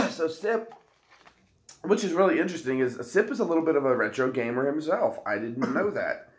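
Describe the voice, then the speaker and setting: A man's voice: on the high side, very animated, moderate pace, slight background noise. Coughing man in echoey room. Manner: rambling, coughs often. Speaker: co-host. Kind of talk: casual livestream chat.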